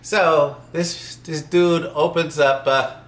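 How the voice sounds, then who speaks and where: A man who works as a software developer tells a work story in a loose, rambling way, with many fillers and small chuckles. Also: on the high side, steady tone, takes it slowly, reverberant. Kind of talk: casual storytelling.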